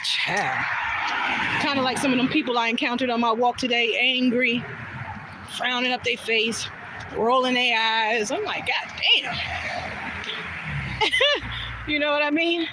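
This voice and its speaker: A vlogger on an outdoor walking trail tells a casual story into the phone she holds as she walks. Her voice is fairly high, her pace normal, and she pauses often while chatting, swearing freely and acting out what people said. Outdoor noise can be heard behind her.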